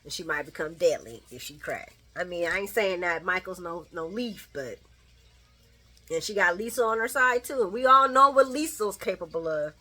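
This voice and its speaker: Giggly, animated woman recapping a soap. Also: on the low side, normal speed. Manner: animated and giggly, acts out characters' lines. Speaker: soap opera recap vlogger. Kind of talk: casual chat.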